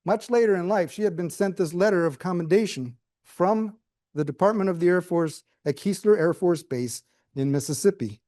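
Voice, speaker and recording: A man's voice: sits high, moderate pace, mellow, no room sound. A middle-aged man giving a prepared speech with humorous storytelling, dry asides and questions to the audience. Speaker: club speaker.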